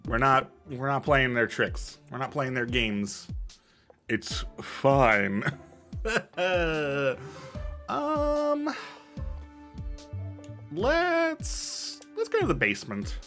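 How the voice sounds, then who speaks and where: A man's voice: mid-range voice, animated, takes it slowly, sharp tone, faint music behind. A man casually commenting on a game as he plays, chatty and self-mocking, with lots of fillers and laughs. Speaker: gamer playing and reading dialogue aloud. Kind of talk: casual let's-play commentary.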